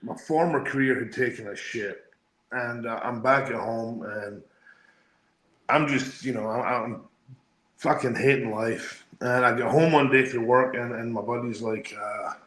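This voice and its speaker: A man's voice: mid-range voice, a little slow, fairly bright tone, reverberant, rough recording. Scottish man telling profane stories. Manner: profane, laughing anecdotes. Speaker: guest, former wrestler. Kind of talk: casual storytelling.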